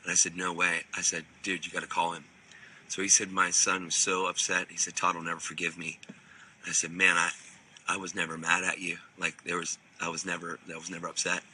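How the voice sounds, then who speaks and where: Deep, sharp-toned man telling a story. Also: monotone, brisk, a little hiss or hum, rough recording. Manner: rambling, with frequent restarts and "man". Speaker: Bible teacher. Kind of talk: casual storytelling testimony.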